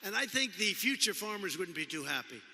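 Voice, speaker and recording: In a big hall with a long echo, a presidential speaker delivers a rambling, repetitive political speech off the cuff, full of conversational asides. His voice sits high, sing-song and brisk, pushed and bright.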